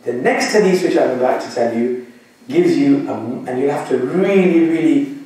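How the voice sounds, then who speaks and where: A man giving a religious lecture, explaining slowly and deliberately and checking that his listeners follow. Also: medium pitch, expressive, warm tone. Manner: slow, deliberate explaining with audience check-ins. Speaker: Islamic teacher. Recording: echoey room, mic far off.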